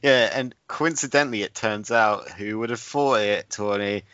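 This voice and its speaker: A man's voice: lowish voice, moderate pace, fairly bright tone, clear, resonant tone, no echo. A man co-hosting a podcast, chatting casually and jokingly about a film he watched. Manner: jokey, laughs often, voices characters in retelling. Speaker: podcast co-host. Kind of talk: casual movie review chat. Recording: dull lo-fi, dry sound.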